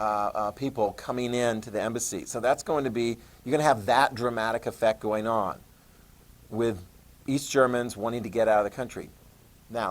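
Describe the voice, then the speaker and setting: Male history teacher, animated classroom storyteller, mid pitch, repeats key terms. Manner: animated storytelling, acts out leaders in quick voices. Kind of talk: classroom lecture.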